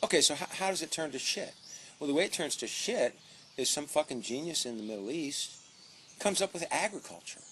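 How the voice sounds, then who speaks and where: A man's voice: fairly high pitch, lively intonation, fairly quick, a bit bright, slight background noise. A man, an author, delivering a profane, sarcastic comic rant about his book, swearing constantly.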